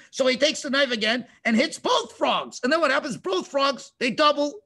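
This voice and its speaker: A man teaching children through a story over a video call, animated and playful, with sound effects. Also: very high voice, normal speed, few pauses.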